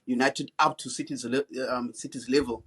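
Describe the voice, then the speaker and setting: A man co-hosting a casual football podcast, relaxed and slangy, often halting mid-thought. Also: mid-range voice, husky, low-quality recording. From South Africa. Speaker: podcast co-host.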